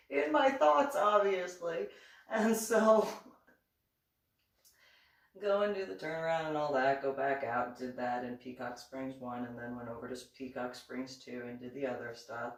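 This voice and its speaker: A woman's voice: very deep voice, moderate pace, reverberant, far from the mic. A woman telling a casual story, acting out both sides of the conversation with lots of laughter and restarts. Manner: animated, acts out both sides of dialogue, laughs often, many restarts. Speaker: reverend reading and commenting on her diving memoir.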